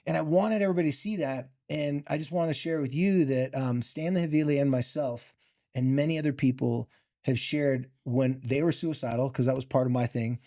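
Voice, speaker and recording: A man and former football player telling a personal story in an animated, heartfelt way. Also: mid-range voice. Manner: animated, heartfelt, fast bursts. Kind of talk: emotional storytelling.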